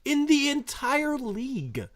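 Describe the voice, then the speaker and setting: A man hosting a casual postgame chat, rambling and laughing often, his voice sometimes dropping soft and quiet. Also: very high voice, wildly swooping pitch, takes it slowly. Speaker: podcast host.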